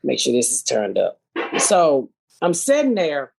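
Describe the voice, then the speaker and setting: A woman hosting a podcast, telling a story in a profane, animated way. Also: low-pitched, a little slow, creaky, breathy edge. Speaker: podcast host. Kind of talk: casual storytelling chat.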